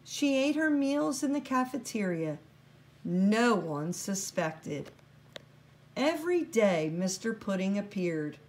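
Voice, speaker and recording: A woman reading a children's picture book aloud with gentle, expressive storytelling. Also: mid-range voice, takes it slowly. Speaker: storybook reader.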